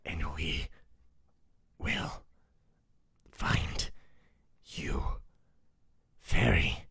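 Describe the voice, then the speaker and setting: A man voicing a dying, eerie Fae spirit in whispered role-play, halting and slow. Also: sharp tone, no room sound, clean studio sound. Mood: eerie, fading.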